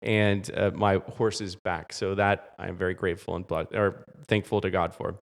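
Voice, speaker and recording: A man telling a parable, voicing a calm, wise, poor old villager in his own steady voice. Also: deep voice, normal speed, gravelly. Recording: long reverb.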